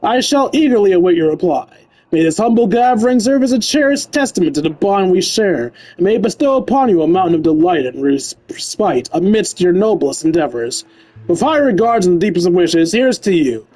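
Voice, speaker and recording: A man voicing a cowboy gunslinger who reads out a flowery formal letter in a lowered drawl. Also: expressive, a little fast, warm tone, low-quality recording. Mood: pompous.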